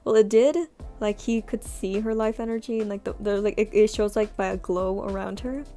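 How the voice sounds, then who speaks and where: A young woman streamer chats casually while drawing, rambling and putting herself down with lots of fillers. Her mid-range voice has a steady tone and moderate pace, with soft music playing behind her.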